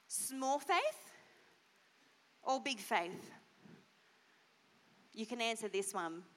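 A woman pastor giving an animated children's sermon, asking the kids questions. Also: high voice. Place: church hall. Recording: long church hall reverb.

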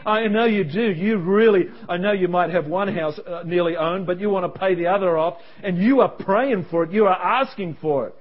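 A man preaching in a high, bright-pitched voice, lively and animated, slipping into quoted voices as he goes. The recording is dull and lo-fi. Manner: animated, acts out quoted voices, quick asides. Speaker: pastor. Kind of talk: sermon. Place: church service. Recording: dull lo-fi sound.

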